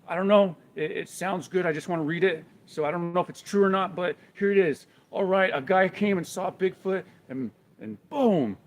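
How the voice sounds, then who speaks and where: A man's voice: high voice, voice pushed up. A man imitating an angry little Canadian man who rants blusteringly about speaking for the people. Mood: ranting. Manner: blustery, preachy, rapid.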